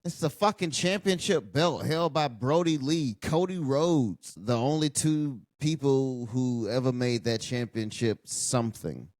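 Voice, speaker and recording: A man's voice: mid-range voice, measured pace, few pauses, darkish tone, no room sound, studio quality. Blunt, profane man ranting. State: tired late at night. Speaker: wrestling show reviewer. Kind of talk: casual ranting commentary over a live show. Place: at home, late at night.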